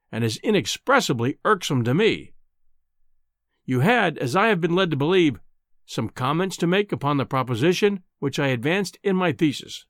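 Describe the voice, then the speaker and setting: A man's voice: on the high side, dry recording, clean studio sound. A man voicing a bellowing, scornful professor. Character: domineering, insolent bearded male professor. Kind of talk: audiobook character reading.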